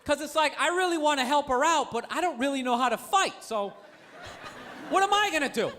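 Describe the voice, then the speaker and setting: A male stand-up comedian ranting in an animated way, breaking into shouts, on a noisy stand-up recording. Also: extremely high pitch, fairly quick.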